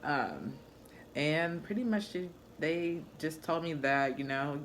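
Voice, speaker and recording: A young woman, a new mother, chatting casually in a vlog with a deep, low voice, laughing often as she talks. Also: takes it slowly, a little hiss or hum. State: recovering after childbirth.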